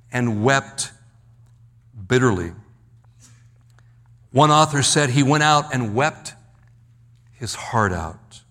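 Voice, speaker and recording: A man preaching a verse-by-verse sermon, slowing down and dropping his voice low to stress key words, often repeating himself. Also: fairly bright tone. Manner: slows and drops low for emphasis, repeats words. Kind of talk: expository sermon.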